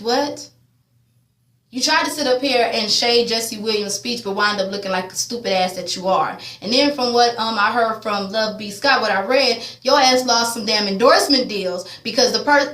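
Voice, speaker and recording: Recorded in an echoey room with her voice somewhat distant from the mic, this Houston woman delivers a fiery, foul-mouthed commentary vlog, rambling bluntly and full of fillers. Her pitch runs high and her tone is fairly bright.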